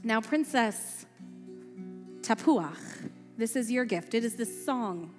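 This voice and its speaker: A woman's voice: fairly high pitch, expressive, takes it slowly. A woman telling a story to children at a family service, playful and quizzing them with questions. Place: synagogue sanctuary. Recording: echoey hall with faint music.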